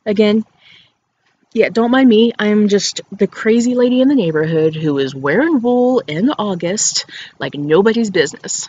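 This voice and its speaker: A woman's voice: mid-range voice, lively intonation, measured pace, a little mellow, husky. A woman hosting a knitting podcast outdoors, chatting playfully about her work and laughing often. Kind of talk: casual show-and-tell chat. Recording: dull outdoor recording with faint background noise.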